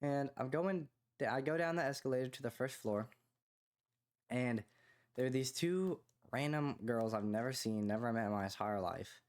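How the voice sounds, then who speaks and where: A young man co-hosting a podcast, telling a long casual story full of fillers like "like" and "you know", rising in pitch when he quotes other people. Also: moderate pace. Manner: rambling, filler-heavy, animated when quoting others. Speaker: podcast co-host.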